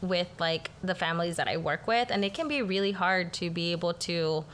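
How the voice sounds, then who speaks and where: A woman hosting a casual podcast who speaks reflectively and pauses often with filler words. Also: on the low side, a bit bright, slight background noise. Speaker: podcast host. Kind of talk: casual conversational podcast talk.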